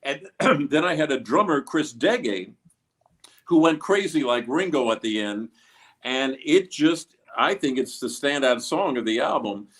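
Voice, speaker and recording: A man's voice: mid-range voice, lively intonation, unhurried. Rambling man musician talking shop. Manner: rambling, with many fillers and restarts. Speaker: guest musician. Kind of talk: casual interview.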